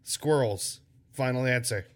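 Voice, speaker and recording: A man's voice: medium pitch, measured pace. A man co-hosting a casual podcast chat, joking in a playful, wry way. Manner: playful, wry, goofy asides. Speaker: podcast co-host.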